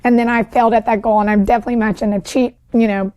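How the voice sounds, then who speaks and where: High-voiced chatty woman telling her story. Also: flat delivery, very fast, warm tone. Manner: talkative, with many fillers like "like" and "um"; describes herself as an overachiever and people pleaser who is always talking. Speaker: podcast guest sharing her story. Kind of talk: emotional personal storytelling.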